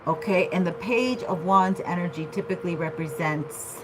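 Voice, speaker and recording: A woman's voice: lowish voice, normal speed, background noise. A woman giving a casual tarot reading, chatty and loose, often checking in with "okay?". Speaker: tarot reader.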